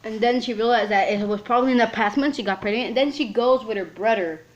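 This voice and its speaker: A woman recapping a film scene by scene in casual chat, rambling and excitable and leaning on "like" and "um". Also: a little high, fast, highs cut off. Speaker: film reviewer. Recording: roomy echo.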